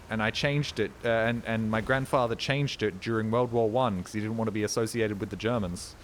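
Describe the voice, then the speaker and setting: A man's voice: fairly low pitch, fairly even intonation, a little fast, few pauses, a little hiss or hum. Rambling Australian guy streaming. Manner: rambling, joking, chatting to viewers. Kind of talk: casual chat while gaming.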